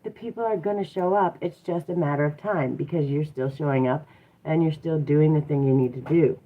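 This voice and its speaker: Woman livestream host, low voice, reflective coaching tone, phone-quality tinny sound. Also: fairly quick. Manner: reflective and encouraging, many rhetorical questions and "um"s. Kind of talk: casual motivational livestream talk. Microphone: device mic from a live stream. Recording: tinny phone-like live stream audio.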